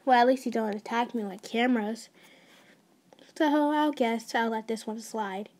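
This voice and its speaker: A woman voicing a famous young writer, relaxed and forgiving, in an ASMR story. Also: fairly high pitch, moderate pace, close to an everyday voice. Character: famous young writer, wary but friendly.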